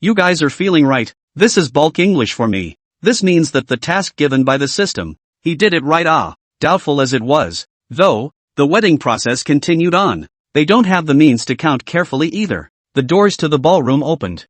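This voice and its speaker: A man narrating a comic story recap in a scripted, lively reading style. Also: fairly high pitch, moderate pace, hardly any pauses, dry recording. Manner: lively, reads out laughter as words.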